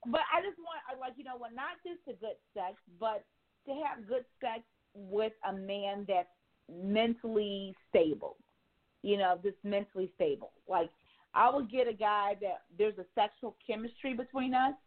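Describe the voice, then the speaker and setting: A woman's voice: mid-range voice, moderate pace. A woman calling in for a casual chat, talking frankly and profanely and laughing often. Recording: tinny phone line.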